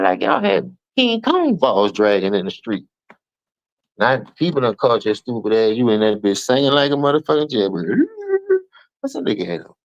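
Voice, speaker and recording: A man with a New Orleans accent streaming an unscripted, profane rant to his listeners. He keeps calling them dog and bro, and he swings between low mutters and sudden high outbursts. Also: sing-song, normal speed, dry recording, muffled recording. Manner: repeats words, addresses listener as dog and bro. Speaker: streamer giving a spoken open letter.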